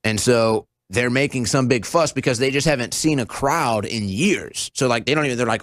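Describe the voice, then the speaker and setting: A man's voice: medium pitch, normal speed, hardly any pauses, no room sound. A man in his thirties hosting a political talk show, commenting with sarcasm and mocking impressions. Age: 30s. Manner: sarcastic, mocking, animated mimicry. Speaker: show host.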